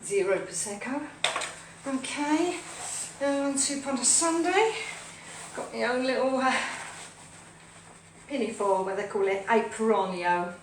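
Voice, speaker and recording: A woman's voice: a little high, expressive, slow. A woman hosting a live home cooking stream, rambling cheerfully and chatting to her pets and viewers. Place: home kitchen, indoors. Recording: echoey kitchen, from a distance, faint hum.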